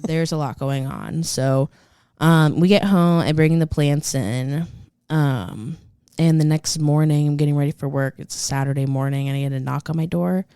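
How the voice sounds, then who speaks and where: A woman co-hosting a podcast, telling a story in a rambling, animated way full of fillers. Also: sits low, normal speed, clean tone, dry recording, clean studio sound. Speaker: podcast co-host. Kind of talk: casual storytelling chat.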